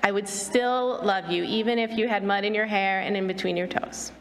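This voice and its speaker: A woman voicing a stern but loving father from two centuries ago, speaking slowly and firmly. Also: medium pitch, fairly even intonation, in a large hall, pitched below the performer's own voice, close to an everyday voice. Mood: tender. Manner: slow, stern, then gentle.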